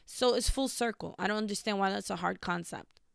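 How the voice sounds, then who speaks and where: A woman's voice: mid-range voice, fairly quick, creaky, smooth, no room sound, clean studio sound. A young woman hosting a talk show, speaking bluntly and emphatically in a casual monologue. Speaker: podcast host.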